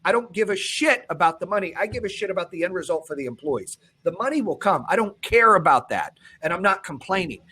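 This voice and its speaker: A man hosting a podcast, talking bluntly and with profanity, swinging between loud pushes and low, quiet stretches. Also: expressive, a little fast, few pauses, breathy edge. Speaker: podcast host. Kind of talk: intense motivational podcast talk.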